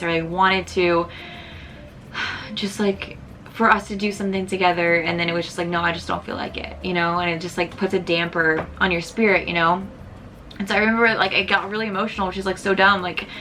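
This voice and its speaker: A woman's voice: mid-range voice, sharp tone. A young woman vlogger telling a personal story in a chatty, casual way, full of "like", tearful at moments. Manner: chatty, heavy use of "like", emotional at times.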